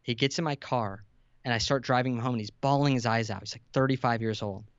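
A man's voice: mid-range voice, fast talker, clear, resonant tone, no echo, muffled recording. A man in his twenties, a podcast guest, telling a vulnerable personal story in an earnest way that rises to intense emphasis. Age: 20s. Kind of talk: emotional storytelling in conversation.

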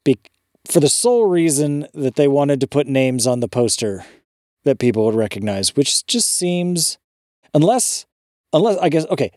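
A man's voice: mid-range voice, a little mellow, dry recording, studio quality. A man co-hosting a podcast in casual chat, ranting with disbelief and swearing freely. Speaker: podcast co-host.

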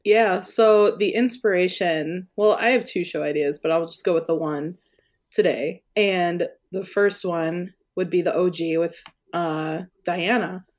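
A woman's voice: on the low side, fairly even intonation, a little slow. A young woman on a podcast, telling a funny story in casual chat and laughing often. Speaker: podcast guest.

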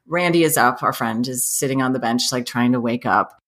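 With a rumbling low voice and a slightly fast pace, a woman in her thirties tells a funny personal story in casual chat. She's animated and self-mocking, laughing often.

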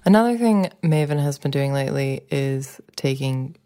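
A mother co-hosting a parenting podcast. She talks in a low voice and a relaxed, chatty way, full of filler words and quick laughs. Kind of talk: casual parenting chat.

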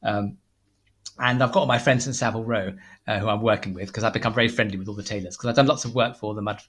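A man's voice: lowish voice, steady tone, fast talker, fairly bright tone. A man, a tweed company founder, telling rambling stories in a casual interview, full of fillers and restarts.

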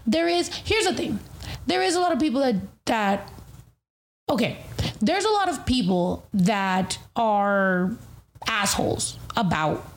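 Young woman, podcast host, casual chat, profane, lots of fillers, higher pitch. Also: animated, a little slow.

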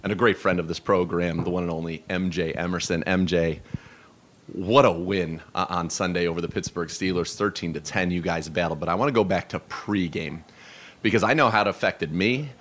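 A man's voice: sits low, steady tone, a little fast, a little hiss or hum. A man hosting a sports radio show, asking long, enthusiastic questions.

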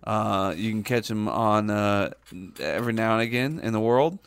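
A man's voice: lowish voice, normal speed, smooth, no echo. A man hosting a podcast, chatting casually with heavy swearing and teasing. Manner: profane, teasing. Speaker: podcast host.

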